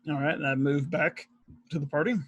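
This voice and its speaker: A man's voice: on the high side, flat delivery, a little fast, lo-fi sound. A man playing a tabletop game, calling out his moves and dice rolls in a matter-of-fact way. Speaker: player. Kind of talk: casual tabletop game play.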